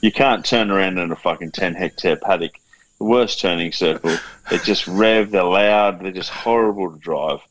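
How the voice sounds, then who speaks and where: A man's voice: sits low, moderate pace, fairly bright tone, dry recording, poor audio. A man co-hosting a podcast, teasing his friends in casual banter and swearing freely. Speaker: podcast co-host.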